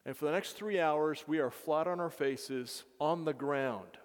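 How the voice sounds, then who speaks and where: A man who leads mission work, telling his story to a congregation earnestly, with halting restarts. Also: fairly high pitch. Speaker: mission leader. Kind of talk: testimony to a congregation. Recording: reverberant hall.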